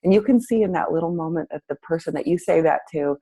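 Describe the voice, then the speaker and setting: A woman's voice: low-pitched, fast, dark tone, breathy edge, low-quality recording. A woman hosting a talk, telling a story and acting out both sides of a conversation with lots of energy. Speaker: host. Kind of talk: storytelling to an audience.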